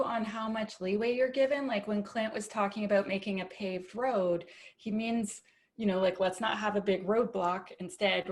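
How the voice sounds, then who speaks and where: Chatty Canadian woman on a panel. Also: medium pitch. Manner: chatty, lots of "like" fillers. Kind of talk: casual panel discussion.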